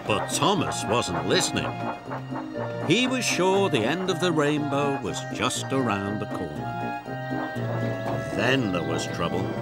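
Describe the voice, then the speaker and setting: Expressive male storybook narrator. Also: medium pitch. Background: music.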